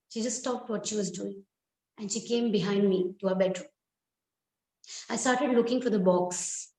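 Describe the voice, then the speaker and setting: A woman telling a dramatic first-person story in a slow, deliberate, expressive way. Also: medium pitch. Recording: echoey room.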